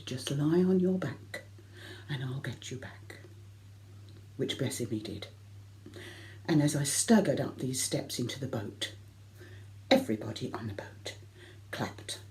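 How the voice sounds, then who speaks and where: A middle-aged woman telling a comic personal anecdote to a concert audience, lively and self-mocking. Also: extremely low pitch, slight background noise. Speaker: variety concert performer.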